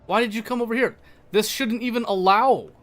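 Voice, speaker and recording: Young man, game streamer, casual teasing banter, mock-defensive, slightly high voice. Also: brisk, a bit bright, soft background music. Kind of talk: casual live-stream chat while gaming.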